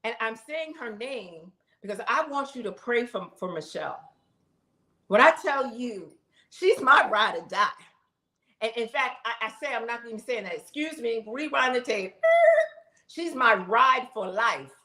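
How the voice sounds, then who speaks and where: A woman's voice: fairly high pitch, lively intonation, moderate pace, pushed and bright. A woman in her fifties, a vlogger talking straight to her viewers in a casual, heartfelt, emphatic way. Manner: emphatic, chatty, talks straight to the audience. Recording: roomy echo.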